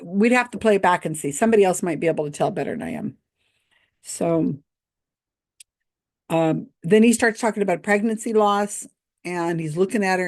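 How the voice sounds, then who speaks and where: A woman hosting a livestream, chatting skeptically and casually, laughing often as she reads out viewer comments. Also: lowish voice. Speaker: host of a livestream commentary show.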